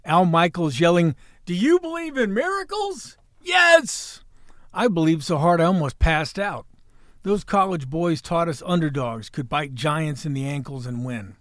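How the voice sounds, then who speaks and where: A man in his sixties hosting a podcast, delivering a folksy, wisecracking monologue with salty language and a hoarse voice. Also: on the high side, normal speed, no room sound, studio quality. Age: 60s. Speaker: podcast host. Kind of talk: opening monologue and casual chat.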